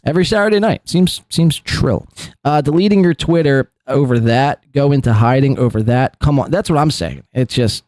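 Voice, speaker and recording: A man's voice: mid-range voice, normal speed, a little mellow, no echo, studio quality. A man hosting a live podcast, rambling through clip commentary with lots of fillers and laughs. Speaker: podcast host.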